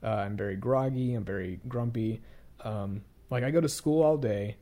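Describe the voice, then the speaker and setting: Mellow-voiced young man musing on camera. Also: on the low side, normal speed. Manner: rambling, hesitant, many fillers and restarts; candid and self-critical. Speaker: YouTuber. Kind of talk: casual reflective vlog monologue.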